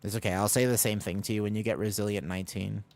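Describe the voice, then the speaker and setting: A man's voice: lowish voice, fairly even intonation, fast talker, creaky, darkish tone. A man chatting casually to viewers while streaming a game, rambling and joking about himself. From United States. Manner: rambling, self-deprecating, jokey asides to chat. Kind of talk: casual gaming stream chat.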